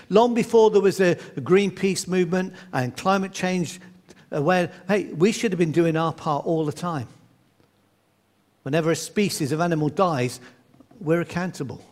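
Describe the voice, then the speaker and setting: A man's voice: a little high, darkish tone. A man preaching a sermon in an earnest way, sometimes acting out the voices in his stories. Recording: long hall reverb.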